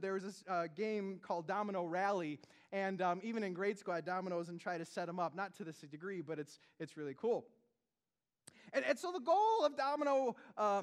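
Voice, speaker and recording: This pastor's sermon feels like a conversation, laced with "like," "right?", side remarks and questions aimed at the congregation. The man has a high voice, and his volume swings from forceful emphasis down to near-whispers.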